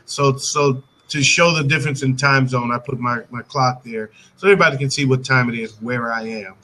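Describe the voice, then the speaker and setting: An American man hosting a casual live-stream chat over a video call, talkative and quick to laugh, often restarting sentences. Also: medium pitch, bright, forceful tone, a little hiss or hum, poor audio. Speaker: host.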